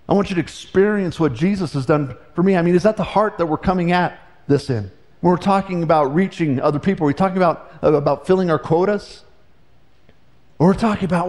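Man, pastor, sermon, earnest conversational delivery, fairly high voice, frequent restarts. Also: normal speed, darkish tone.

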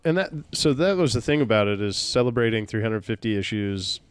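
A man's voice: fairly low pitch, animated, a little fast, clean tone. A man co-hosting a comic book podcast, playful and joking in casual chat. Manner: playful, jokes in silly voices.

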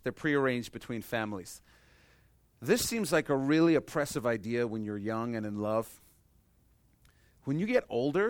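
A man in his thirties delivers a sermon as a pastor, at a middle pitch with a dry, close sound. He swings from loud, emphatic bursts down to soft, intimate stretches. He sounds like a regular preacher speaking to his congregation. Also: normal speed, smooth, dry recording.

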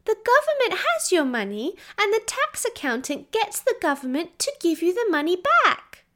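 A woman voicing an earnest, sad little girl in a storybook reading, in a high childlike pleading voice. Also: huge pitch swings, takes it slowly, a bit bright, full character voice.

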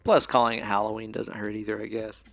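A man's voice: fairly low pitch, flat delivery, fast talker, vocal fry, dry recording, soft background music. A man co-hosting a podcast, chatting casually and enthusiastically about a movie, rambling a bit and swearing now and then. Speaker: podcast co-host. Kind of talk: casual movie review chat.

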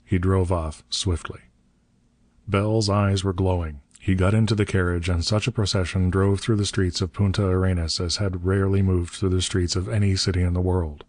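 Deep-voiced male audiobook narrator. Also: steady tone, normal speed, darkish tone, dry recording. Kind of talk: audiobook narration of pulp adventure.

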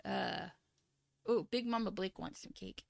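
A woman's voice: mid-range voice, unhurried, vocal fry, no room sound, clean studio sound. A woman co-hosting a casual livestream chat, playful and laughing often. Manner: giggly and playful. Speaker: co-host.

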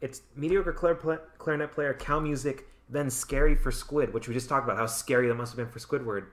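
A man's voice: mid-range voice, brisk. A young man co-hosting a podcast, chatting casually and jokingly with lots of "like" fillers. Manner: relaxed, joking, many "like" fillers. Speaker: podcast co-host. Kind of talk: casual chat.

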